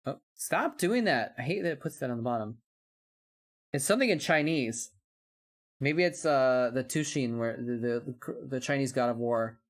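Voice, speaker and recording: A man's voice: medium pitch, normal speed. A man streaming live, chatting casually while watching old game footage, rambling and breaking off his own sentences with an amused tone. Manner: rambling, self-interrupting, amused.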